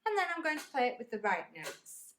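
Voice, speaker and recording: Lively encouraging woman teaching music. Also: fairly high pitch, a little fast. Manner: patient, encouraging, counts rhythms aloud. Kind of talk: instructional music lesson.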